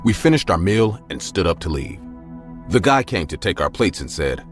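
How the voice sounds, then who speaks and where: A man telling a first-person story in an expressive, steady way. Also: sits low, moderate pace, faint music behind.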